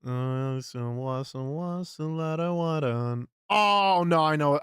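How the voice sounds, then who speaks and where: A man's voice: fairly high pitch, takes it slowly, few pauses, a bit bright, smooth, dry recording, clean studio sound. A young man live-streaming, chatting to his viewers as he guesses games, muttering and swearing at misses. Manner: hums game tunes under his breath.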